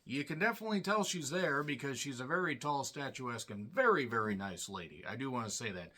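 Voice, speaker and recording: A man's voice: medium pitch, animated, fairly quick, sharp tone, slightly rough. A man recapping a wrestling show in casual commentary, sarcastic and profane, with rambling asides.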